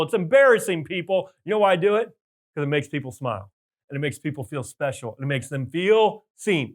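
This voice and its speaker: A man giving a motivational talk to business owners, energetic with loud bursts of enthusiasm and emphatic repetition. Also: high-pitched. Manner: emphatic repetition of key points. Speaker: business coach.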